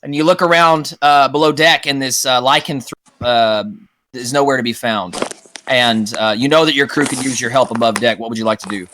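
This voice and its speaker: A man's voice: medium pitch, brisk, a bit bright, slight background noise. A man narrating a tabletop role-playing game as dungeon master, describing scenes with occasional fillers.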